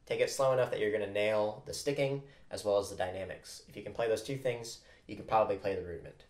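Patient lower-voiced man teaching drums. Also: fast talker. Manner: patient, encouraging, counts off and calls stickings aloud. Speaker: percussion instructor. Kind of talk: instructional drum lesson. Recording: echoey room with loud drumming.

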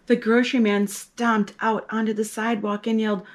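Lively woman reading a children's story. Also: on the high side, normal speed. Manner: lively and expressive, teaching a hand sign and acting out the story's characters. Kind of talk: reading a picture book aloud to children.

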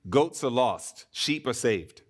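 A man preaching a sermon in church, swinging between emphatic declarations and hushed, earnest appeals. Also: medium pitch, animated, takes it slowly.

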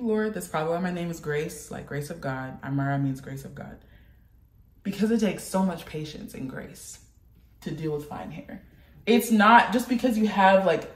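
A woman vlogger with the flu chatting in a rambling way, with sudden animated outbursts. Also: mid-range voice. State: sick with the flu. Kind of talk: casual chat. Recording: roomy echo.

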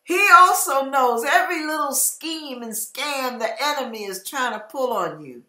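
A woman preaching an emotional sermon, fervent and emphatic, sometimes breaking into loud cries. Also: sits high, expressive, moderate pace, roomy sound. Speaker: online preacher.

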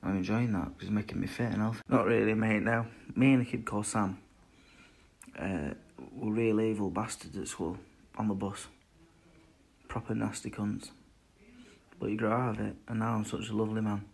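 A man's voice: lowish voice, fairly even intonation, moderate pace, vocal fry, slightly rough. A man in his twenties, a boxer, answering fan questions in a blunt, sweary, rambling chat. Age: 20s. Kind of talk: casual chat.

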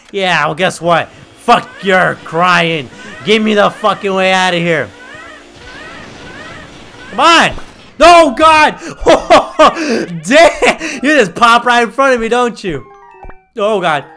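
A young man giving excitable, trash-talking commentary while playing a video game. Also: sits high, takes it slowly, long pauses, faint music behind. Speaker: gaming video creator. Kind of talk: gameplay commentary.

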